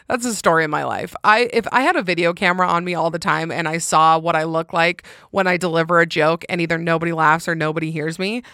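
A young woman chats through her solo podcast with a fairly low voice, recorded dry and close. She is opinionated and quick to laugh at her own takes. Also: a bit bright, dry recording. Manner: chatty and opinionated, laughing often. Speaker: podcast host. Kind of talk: casual solo podcast chat.

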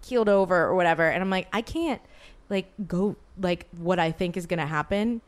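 A woman's voice: lowish voice, a little fast, clean tone. A young woman casually telling a long, rambling story to a co-host, full of fillers and quoted back-and-forth. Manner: rambling, animated, filler-heavy retelling.

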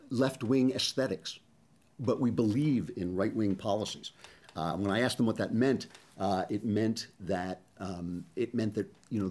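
Low, husky-voiced male podcast host. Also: darkish tone. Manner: conversational, digressive, frequent ums and uhs. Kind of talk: casual commentary monologue.

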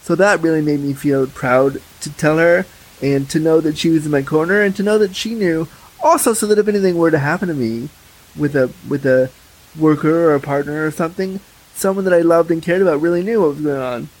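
Young man, podcast guest, candid, chatty, lots of fillers, a bit high-voiced. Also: fairly quick, darkish tone, low-quality recording. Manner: frank, chatty, with many fillers. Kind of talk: candid casual conversation.

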